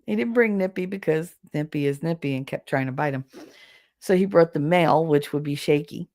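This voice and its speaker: A woman with a naturally low, deep voice, an adult with children, hosts a livestream podcast at a brisk pace. She reads the chat, talks casually with viewers, tells animated stories, and laughs often.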